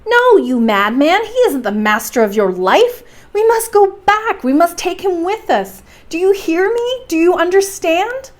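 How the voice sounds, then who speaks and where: A woman's voice: very high-pitched, big pitch swings, measured pace, few pauses, pitched above the performer's own voice, full character voice. A woman voicing a desperate, frightened young male explorer in a storybook reading, with pleading, raised lines. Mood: frantic.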